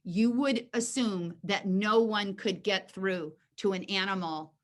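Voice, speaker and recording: A woman dog trainer teaches a Q&A session over a video call. She is animated and keeps acting out short exchanges between dog and owner. She often restarts her sentences as she goes. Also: medium pitch, slow. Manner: animated, acts out dialogue, frequent restarts.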